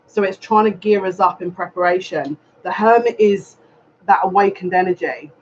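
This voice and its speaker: A man's voice: sits high, normal speed. A man giving a live tarot reading, earnest and repetitive, speaking straight to the viewer. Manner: earnest, repetitive, advising directly. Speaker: psychic reader. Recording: dull lo-fi sound with faint noise.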